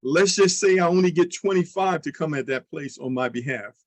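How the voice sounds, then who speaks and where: A man leading an online sales training, coaching listeners with energetic questions and example pitches. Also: fairly quick, no room sound, rough recording.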